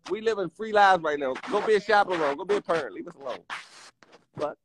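High, lively man mocking over a phone. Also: fast, background noise. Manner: mocking, dismissive, laughs between jabs. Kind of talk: heated argument on a livestream.

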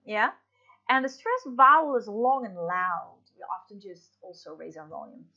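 A woman's voice: medium pitch, very animated, normal speed, sharp tone, muffled recording. A woman teaching English in a recorded online lesson, explaining patiently with fillers and restarts.

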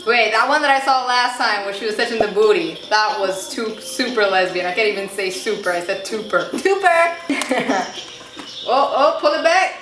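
A young woman with a fairly high, lively voice reacts to videos at a moderate pace, gasping, squealing and gushing as she comments casually. She's a reaction vlogger, recorded in an echoey room with faint music behind her.

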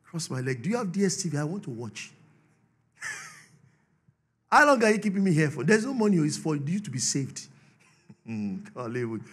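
A Nigerian man preaching a sermon, swinging from shouted declarations to low asides and laughing often. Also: sing-song, normal speed, long pauses, breathy edge. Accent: Nigerian English. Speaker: pastor.

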